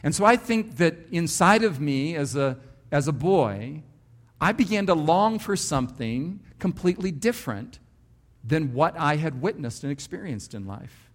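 A man, a pastor, preaching a sermon and telling his own story with emphatic, varied delivery. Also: a little high.

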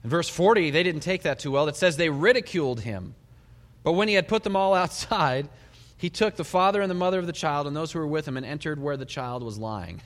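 A middle-aged man, a pastor, giving a sermon, retelling the story with animated storytelling and soft laughs. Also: on the high side, fairly quick. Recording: long hall reverb.

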